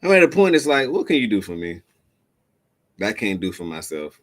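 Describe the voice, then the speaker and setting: A man hosting a reaction show, giving animated, slangy advice straight to his male viewers. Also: lowish voice, normal speed. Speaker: host reacting to a clip. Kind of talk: commentary to camera.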